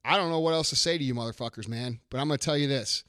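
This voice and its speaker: A man's voice: medium pitch, rapid-fire, a bit bright, clean tone, no echo, studio quality. A middle-aged man hosting a podcast, delivering a blunt, profane motivational rant and repeating his lines for emphasis. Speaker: podcast host.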